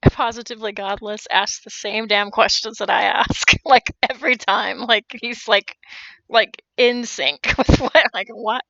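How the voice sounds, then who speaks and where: Sarcastic, bright-voiced woman commentator. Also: fairly high pitch, fairly even intonation, measured pace, vocal fry, no echo, muffled recording. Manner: sarcastic, laughs as she comments. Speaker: commentary video host. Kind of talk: reaction commentary.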